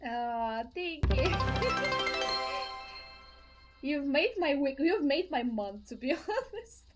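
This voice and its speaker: During a live game stream, a woman with a high voice speaks slowly, her melody lively and swooping. She giggles and thanks her viewers effusively while faint game music plays beneath her.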